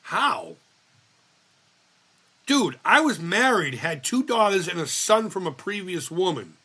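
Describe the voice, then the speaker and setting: Bright-voiced, profane livestream host. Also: male voice, high-pitched, very animated, slow, slightly rough. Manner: profane, rambling storyteller reading chat aloud. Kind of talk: casual live chat.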